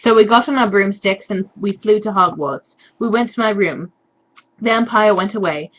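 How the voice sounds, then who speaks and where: A woman giving a sarcastic dramatic reading with deadpan, mocking asides. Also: medium pitch, normal speed, dull audio. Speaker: reader and commentator.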